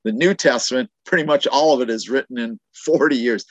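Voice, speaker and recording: A man's voice: medium pitch, fairly quick, dry recording. A man giving a Bible teaching sermon, explaining scripture passages and often restarting his phrases, on a dull, dry recording.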